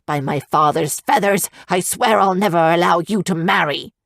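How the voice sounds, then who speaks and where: A woman narrator voicing a stern, protective male griffin father who speaks in a forceful, commanding way. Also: on the low side, moderate pace, vocal fry, no room sound, studio quality.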